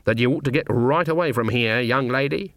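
A man's voice: mid-range voice, brisk, fairly bright tone, dry recording, close to an everyday voice. A blunt, commanding old witch woman who settles matters with few words. A man reads her in a dry, close storybook voice. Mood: stern. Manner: blunt, decisive.

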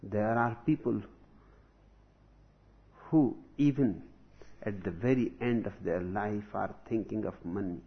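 Slow, deliberate man lecturing. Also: on the low side. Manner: slow, deliberate, emphatic delivery with long pauses. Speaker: spiritual teacher. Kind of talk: spiritual discourse with jokes. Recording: dull lo-fi recording.

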